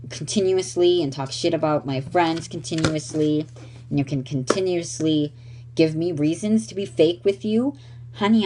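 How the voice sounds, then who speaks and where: A woman's voice: low-pitched, mellow. A young woman in her late teens telling a story on her vlog in a sassy, blunt and profane way, calling people honey. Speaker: vlogger.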